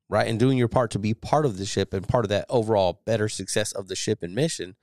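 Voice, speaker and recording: A man's voice: fairly low pitch, steady tone, fast talker, few pauses, a little mellow, dry recording, studio quality. A man hosting a podcast who reads an article aloud and rambles through casual, profane commentary with many restarts. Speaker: podcast host.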